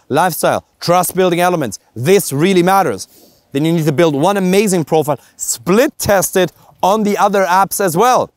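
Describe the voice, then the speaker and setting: Man with a German accent, dating coach, high lively voice, blunt, dry close sound. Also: dry recording. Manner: blunt, emphatic, swears casually, rhetorical questions. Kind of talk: direct-to-camera coaching monologue.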